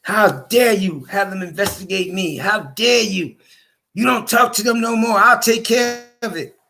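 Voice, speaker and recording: Guy doing his mad wife, high-pitched, slow and scolding. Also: vocal fry, sharp tone, a little hiss or hum, exaggerated voice. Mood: indignant. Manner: indignant, scolding. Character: angry wife scolding her husband.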